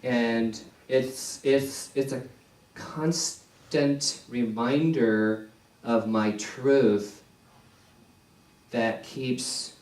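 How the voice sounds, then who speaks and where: A male minister preaching a sermon in a slow, deliberate way, repeating key phrases for emphasis. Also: medium pitch, steady tone, darkish tone. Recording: echoey church hall, distant mic.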